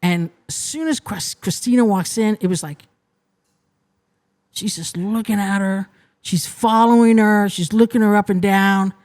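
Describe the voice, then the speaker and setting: A woman guest on a podcast retelling an experience in an animated, casual way, often restarting her sentences. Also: mid-range voice, measured pace. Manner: animated retelling, frequent restarts and "you know". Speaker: interview guest, restaurant co-manager. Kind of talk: casual storytelling.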